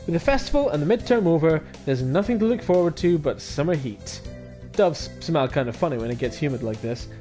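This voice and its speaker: A man streaming a visual novel, reading it aloud with animated, laughing asides. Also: on the high side, a little fast, faint music behind.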